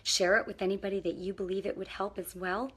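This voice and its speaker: A woman's voice: mid-range voice, fairly even intonation, quick pace, breathy edge. A middle-aged woman speaks straight to her viewers as a parenting coach, in an earnest, encouraging way. Her voice sits in an ordinary middle range, and she keeps checking that the listener is following. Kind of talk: casual faith-based advice talk to camera.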